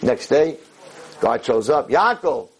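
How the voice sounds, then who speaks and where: A man lecturing and telling a parable in an animated way, mixing in Yiddish words. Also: medium pitch, normal speed, a little hiss or hum, poor audio. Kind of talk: storytelling sermon.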